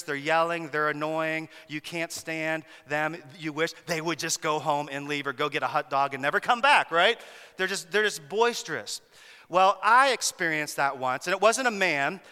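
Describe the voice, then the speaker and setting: Male pastor, sermon delivery, high, smooth voice, animated storyteller who repeats words for emphasis. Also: in a large hall.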